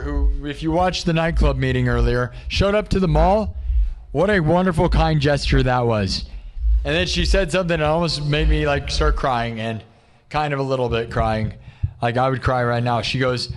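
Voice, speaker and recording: A man's voice: medium pitch, normal speed, pauses often. Tired guy rambling on his livestream, candid and emotional, regular mid voice. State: exhausted. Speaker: live streamer. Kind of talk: casual livestream chat.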